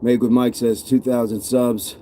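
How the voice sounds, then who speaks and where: A man's voice: mid-range voice, little pitch movement, unhurried, warm tone, a little hiss or hum. A man coaching a live-streamed workout, counting reps aloud and encouraging viewers while chatting with the live chat. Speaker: fitness coach.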